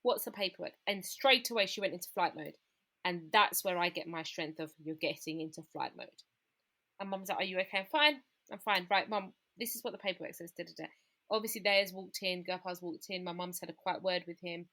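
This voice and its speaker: A woman's voice: lowish voice, fairly even intonation, fairly quick, bright, forceful tone. A woman, a podcast guest candidly recounting a personal story and acting out what her family said. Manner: candid, acts out the voices of family in her retelling.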